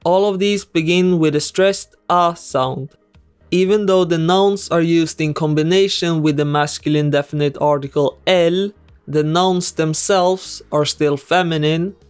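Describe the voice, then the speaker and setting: Slow, precise man teaching grammar. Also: fairly high pitch, fairly even intonation, clear, resonant tone. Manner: slow, deliberate, precise enunciation of example words. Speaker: language teacher. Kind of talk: scripted explanatory narration. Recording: clean voice-over over faint music. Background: soft background music.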